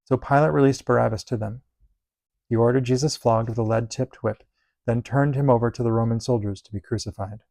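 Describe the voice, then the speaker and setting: A man reading Bible passages aloud in a steady, measured delivery. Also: medium pitch, creaky, no echo. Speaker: Bible reader.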